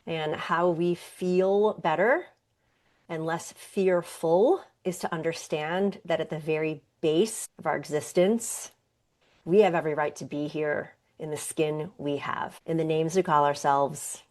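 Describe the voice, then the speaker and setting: Low-voiced woman host, earnest and conversational, yoga-teacher tone. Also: unhurried, a little mellow. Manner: earnest, conversational, with occasional laughs. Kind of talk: reflective wellness talk.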